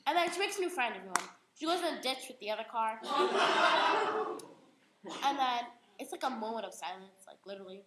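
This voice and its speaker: Bright-voiced teen girl telling a story. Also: high voice, normal speed. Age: teens. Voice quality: giggly, lots of "like". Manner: animated, acts out the voices. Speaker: young storyteller. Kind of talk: retelling a story aloud. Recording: echoey room with faint noise.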